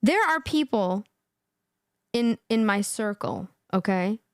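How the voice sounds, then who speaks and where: A woman's voice: medium pitch, lively intonation, takes it slowly, clean tone, dry recording, studio quality. A woman hosting a live stream and giving reaction commentary, laughing often, repeating herself, incredulous.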